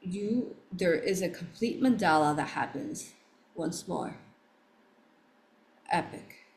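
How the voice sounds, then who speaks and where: A woman hosting a livestream, telling a story in a casual, excitable way, with frequent exclamations and restarted sentences. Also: lowish voice, takes it slowly. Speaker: livestream host.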